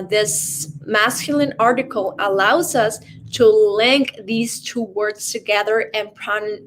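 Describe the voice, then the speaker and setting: Slow, patient woman teaching a class. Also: fairly high pitch, a bit bright. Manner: explains slowly, checks in with frequent "okay?". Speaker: Spanish teacher. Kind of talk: online language class.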